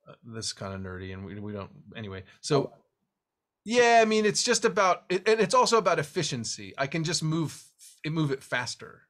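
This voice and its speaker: A man teaching a guitar lesson one-on-one, explaining technique as he demonstrates, swinging between lively stressed phrases and quiet asides. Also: on the high side, fairly quick. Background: guitar strumming.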